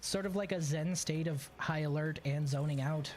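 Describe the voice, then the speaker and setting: A man streaming a game, telling a story in a sarcastic, animated way and often chuckling as he plays. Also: fairly high pitch, normal speed. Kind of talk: casual gameplay commentary and storytelling.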